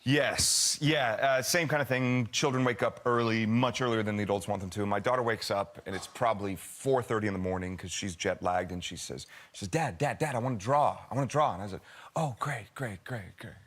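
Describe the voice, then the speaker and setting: A father, an actor guest, telling a relaxed chat show story about his child and quoting her. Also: on the low side, brisk, few pauses.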